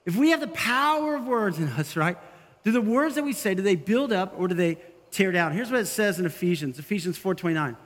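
High-voiced man preaching in a reverberant hall. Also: brisk. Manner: animated, acts out quoted voices. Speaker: pastor. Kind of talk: sermon.

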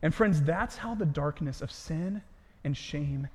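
A man preaching a sermon, earnest and emphatic, often dropping to a hushed voice at the ends of phrases. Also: on the high side, unhurried, slightly rough. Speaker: pastor. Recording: long hall reverb.

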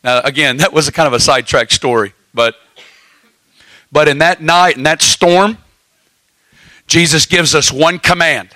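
A man preaching a sermon, telling stories in a folksy way with lively asides. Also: a little high, a little slow, pauses often, no echo, low-quality recording.

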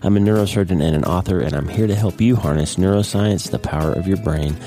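Brief: middle-aged male podcast host, low mellow voice, unscripted and earnest. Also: fast talker, soft background music. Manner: earnest, off-the-cuff with frequent restarts. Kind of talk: casual unscripted podcast monologue.

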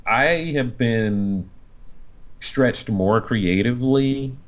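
A man talking casually as a podcast co-host, animated and self-mocking, full of fillers and restarts. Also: mid-range voice, very slow. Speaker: co-host, designer and painter.

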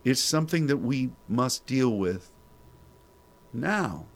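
A man's voice: mid-range voice, lively intonation, takes it slowly. A man preaching a sermon, pressing listeners with repeated rhetorical questions and restarting his words.

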